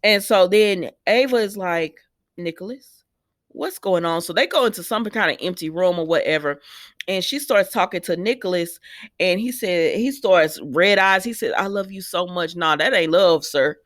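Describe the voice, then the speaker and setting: A woman's voice: on the low side, expressive, normal speed, no echo, clean studio sound. Chatty woman recapping soap scenes. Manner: chatty, retells scenes quoting characters, talks back at them. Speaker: soap opera recap vlogger. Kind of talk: casual episode recap.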